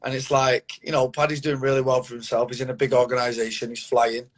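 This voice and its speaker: A man's voice: mid-range voice, flat delivery, quick pace. A Mancunian man in his thirties, a fighter talking bluntly and confidently in a casual interview, swearing often and calling the host mate, over a phone or video call. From Manchester, England. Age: 30s.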